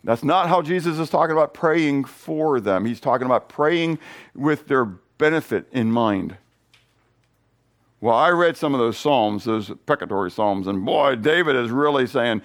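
Lively preaching man, mid-pitched voice. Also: a little slow. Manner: lively preaching with playful asides and sudden swings in loudness; restarts and repeats words mid-thought. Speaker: pastor. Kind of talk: sermon.

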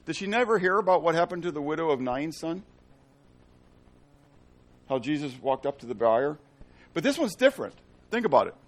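Lively, animated male preacher. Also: a little high. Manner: asks the congregation fill-in-the-blank questions; emphatic, swings from loud to hushed. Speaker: pastor. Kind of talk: sermon.

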